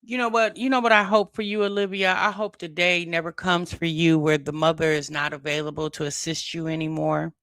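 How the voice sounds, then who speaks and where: A woman's voice: on the low side, level tone, a little fast, hardly any pauses, fairly bright tone, dry recording, clean studio sound. A woman hosting reaction commentary, mocking and picking apart a streamer's words. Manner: mocking, critical. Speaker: commentary host.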